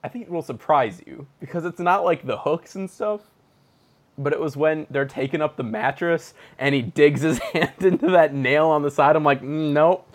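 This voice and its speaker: A man chatting casually, animated, laughing often and using lots of fillers. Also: on the high side, normal speed. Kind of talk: casual chat.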